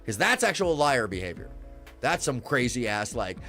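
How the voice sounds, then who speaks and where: A man's voice: mid-range voice, big pitch swings, moderate pace, sharp tone, faint music behind. A man hosting a livestream, ranting at his chat in a profane, sarcastic, indignant way. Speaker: livestream host. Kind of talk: heated livestream rant at chat.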